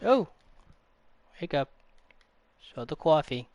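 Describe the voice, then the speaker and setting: A man's voice: mid-range voice, fairly bright tone. A man chatting casually as a guest co-player on a gaming stream, boastful and joking. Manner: boastful, joking, quick banter.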